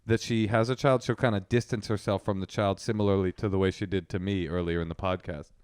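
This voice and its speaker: A man's voice: sits low, fairly even intonation, quick pace, darkish tone, clean tone, dry recording, clean studio sound. A man co-hosting a podcast, talking in a laid-back, rambling way and laughing often. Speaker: podcast co-host. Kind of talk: casual podcast chat. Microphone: remote call.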